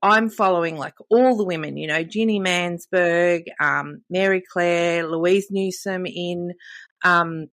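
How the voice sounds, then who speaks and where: A woman's voice: on the low side, slow, no room sound. Candid woman in her fifties. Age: 50s. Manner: candid, animated storytelling with quoted dialogue. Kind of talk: casual podcast conversation.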